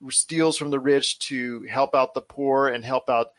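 A man's voice: mid-range voice, fairly even intonation, unhurried, fairly bright tone, no echo. A man hosting a casual podcast chat, talking in an enthusiastic, rambling way with frequent restarts. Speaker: show host.

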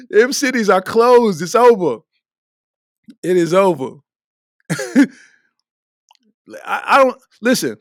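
A man's voice: a little high, fairly bright tone, no room sound, studio quality. A man from Kentucky, hosting a podcast solo and delivering a comedic rant with lots of laughter and preachy emphasis. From Lexington, Kentucky. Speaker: podcast host.

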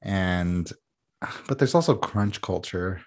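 A man co-hosting a podcast in casual chat, tossing in quick questions and dry asides. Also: low voice, lively intonation. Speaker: podcast co-host.

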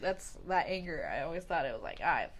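A woman's voice: low voice, expressive, brisk. A young woman co-hosting a podcast in casual chat, talking with many fillers and acting out what people said. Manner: chatty, many "like" fillers, acts out quotes. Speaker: podcast co-host.

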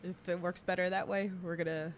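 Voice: mid-range voice, flat delivery, fairly quick. A host of a live-stream interview, upbeat and apologetic while fixing a connection problem.

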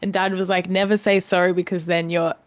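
A woman's voice: lowish voice, flat delivery, a little fast, no room sound. Chatty young woman co-hosting a podcast. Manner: chatty storyteller, laughs often, acts out her own reactions. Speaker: podcast co-host. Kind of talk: casual chat.

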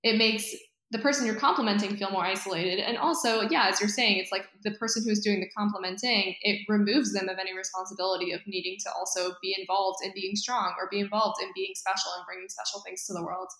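A woman's voice: mid-range voice, fairly even intonation, fast, a bit bright. Enthusiastic woman in an echoey room. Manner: enthusiastic, emphatic agreement. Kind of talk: casual conversation.

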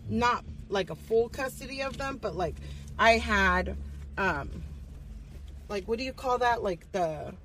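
A woman's voice: a little high, animated, unhurried, fairly bright tone, distant mic, a little hiss or hum, rough recording. A woman guesting on a podcast, telling stories casually and bluntly, swearing heavily and slipping into Spanish. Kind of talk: casual, profane storytelling.

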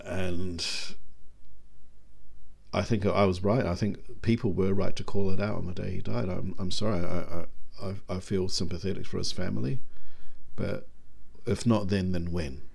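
A New man talks in a loose, rambling monologue, often restarting and poking fun at himself. His voice is very low and gravelly with plenty of fry. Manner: rambling, self-deprecating, frequent restarts. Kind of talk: casual monologue.

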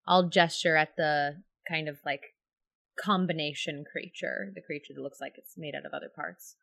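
Low-voiced woman playing a tabletop game. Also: steady tone, normal speed, vocal fry, a bit bright, no echo, clean studio sound. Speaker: player.

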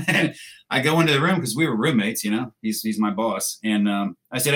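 A man's voice: on the low side, brisk, a bit bright. A man, a military veteran, telling a combat story in a blunt, casual, profane way with wry laughs.

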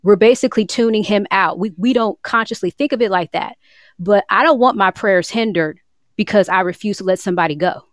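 A woman's voice: mid-range voice, brisk, dry recording. A woman co-hosting a faith podcast, talking earnestly about forgiveness and quoting scripture in its old wording. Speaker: podcast co-host. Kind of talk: casual faith talk, teaching on forgiveness. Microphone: remote call, moving around.

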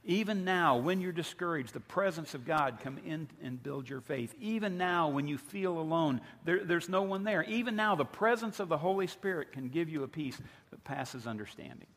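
A man's voice: a little high, lively intonation, normal speed, few pauses, fairly bright tone. Man preaching in an echoing hall. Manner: preaching with rising, emphatic repetition. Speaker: pastor. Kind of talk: sermon. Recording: long hall reverb.

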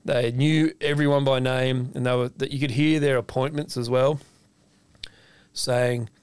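A man's voice: medium pitch, unhurried, clean tone, no echo. Male co-host, chatty storyteller who swears, dry close mic. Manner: animated storyteller, acts out quoted voices, swears freely. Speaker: podcast co-host, chef. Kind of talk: casual storytelling chat.

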